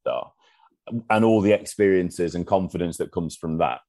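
Deep-voiced man, podcast co-host. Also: animated, moderate pace, mellow, no room sound, studio quality. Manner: enthusiastic, chatty, reads through lists. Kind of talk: casual sports podcast chat.

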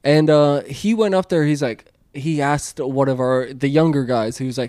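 A man in a casual chat, telling work stories with lots of swearing and laughter, acting out coworkers in loud high voices. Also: moderate pace, dry recording. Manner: storytelling, acts out coworkers with loud high quotes, laughs a lot, swears freely.

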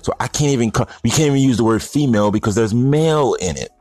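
A man's voice: medium pitch, lively intonation, quick pace, darkish tone. A man giving a blunt, rambling, casual opinion monologue to his audience of stoners. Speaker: vlogger addressing stoner audience.

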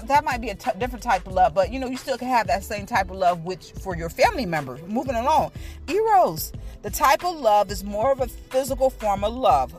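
An older woman, chatting casually about Bible teaching to viewers, playful and animated, often laughing and singing bits of phrases. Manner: animated, with sudden high pitch jumps. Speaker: faith talk host.

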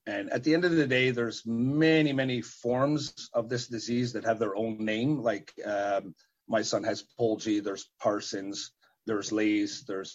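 Guest father with a low, husky voice, halting answers heavy with fillers, dull lo-fi sound. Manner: halting, many fillers and repeated words. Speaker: guest, event organizer and parent. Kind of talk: unscripted interview answers.

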